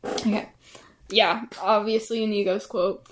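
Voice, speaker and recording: A woman's voice: medium pitch, steady tone, unhurried. A woman co-hosting a podcast, chatting casually about a film and peppering her talk with "like". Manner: chatty, full of "like" asides. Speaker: podcast co-host. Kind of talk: casual movie-review chat. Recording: roomy echo.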